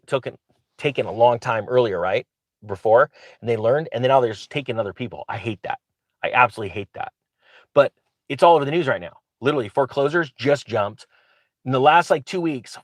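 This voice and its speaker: A man hosting his own channel, talking casually to camera in an excitable, rambling way with frequent restarts. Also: medium pitch, no room sound. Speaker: real estate investor and channel host.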